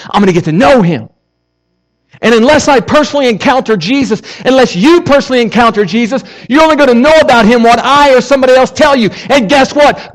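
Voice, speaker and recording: A man's voice: very high voice, breathy edge, low-quality recording. A man preaching a passionate sermon in a conversational way, with casual asides. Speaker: pastor.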